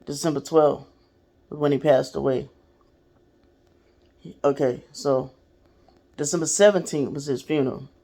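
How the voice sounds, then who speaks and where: A woman's voice: low-pitched, measured pace, creaky, pauses often, mellow. A woman hosting a podcast, telling a personal story in a candid, profane, casual way and speaking straight to her listeners. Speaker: podcast host.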